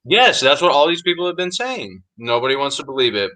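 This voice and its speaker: A man with a bright, forceful voice chats casually on a podcast. He talks emphatically and insists on his point, throwing in "dude" often. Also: a little high, sing-song, fairly quick, poor audio. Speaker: podcast co-host. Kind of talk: casual chat.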